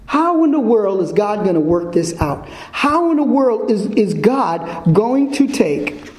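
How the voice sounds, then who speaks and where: A man preaching a sermon to a congregation in a church, repeating his points slowly and quizzing the listeners with fill-in questions. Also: high voice, big pitch swings, darkish tone. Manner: slow, emphatic repetition. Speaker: pastor. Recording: echoey church room.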